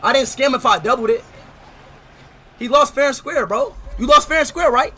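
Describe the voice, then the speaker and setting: Loud taunting young man, high voice. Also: moderate pace. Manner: loud, taunting, swings to shouting. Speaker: livestreamer. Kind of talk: heated livestream banter.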